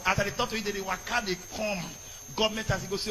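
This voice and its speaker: A Nigerian priest preaching a fiery sermon, shouting in bursts and slipping into Pidgin. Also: male voice, high-pitched, rapid-fire, slight background noise. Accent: Nigerian, mixing in Pidgin. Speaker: Catholic priest. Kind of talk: impassioned sermon.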